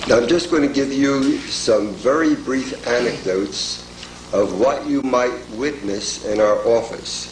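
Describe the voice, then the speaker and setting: An older man giving a formal lecture, speaking in a measured, deliberate way with many pauses. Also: mid-range voice, background noise. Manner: measured, deliberate, pausing often. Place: lecture hall. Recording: echoey lecture hall.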